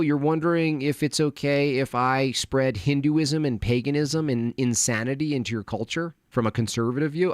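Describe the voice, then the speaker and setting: A man putting on a mocking impression of a smug, taunting male politician, with a sneering, drawn-out delivery. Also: mid-range voice, bright, forceful tone, dry recording, clean studio sound.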